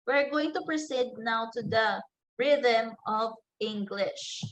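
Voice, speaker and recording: Woman, teacher, online class lecture, slow pace, bright tone, fillers and restarts. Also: on the high side, poor audio. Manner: enunciates example words one by one. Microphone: computer microphone in an online class.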